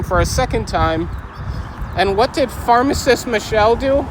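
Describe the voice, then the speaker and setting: A man with a high voice vents as he recounts his day, still agitated, his voice jumping up whenever he quotes people. Faint street and car noise sits behind him outdoors. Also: animated, moderate pace, rough recording. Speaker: podcast host. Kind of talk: casual angry storytelling vlog.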